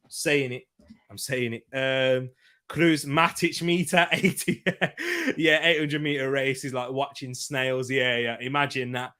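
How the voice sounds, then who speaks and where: A man's voice: mid-range voice, steady tone, normal speed, a bit bright. A young man hosting his own football channel, giving a casual match reaction in a chatty, jokey way and reading out viewer comments.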